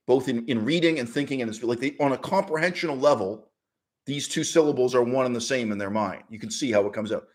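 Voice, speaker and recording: A man hosting his own channel, delivering an opinionated monologue with emphatic stresses, frequent restarts and short laughs. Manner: argumentative, emphatic, with sudden pitch jumps and mock quotes; restarts and fillers, laughs while speaking. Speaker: channel host.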